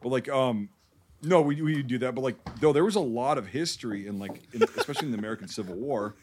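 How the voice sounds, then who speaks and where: A man's voice: medium pitch, quick pace, background noise. A man hosting a casual podcast, joking and swearing freely as he asks questions. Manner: profane, joking. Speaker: podcast host.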